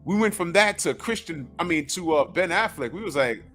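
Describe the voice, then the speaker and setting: A man hosting a casual film podcast, talking excitedly with slang. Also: fairly high pitch, a little fast, faint music behind. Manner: excitable, lively slang-filled talk. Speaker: podcast host.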